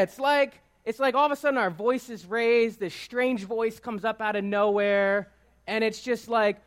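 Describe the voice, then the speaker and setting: A man with a high-pitched voice delivering a casual, conversational sermon in church. He speaks informally, tossing questions out to the congregation and punctuating his points with a quick "right?". He sounds like a pastor chatting with his own flock. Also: a bit bright. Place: church sanctuary before a congregation.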